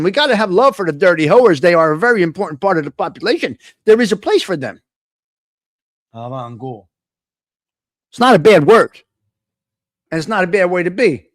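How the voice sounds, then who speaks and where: A man's voice: high voice, a bit bright, dry recording, clean studio sound. A middle-aged man hosting a live coffee-talk show, talking bluntly in a profane, ranting monologue. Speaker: host.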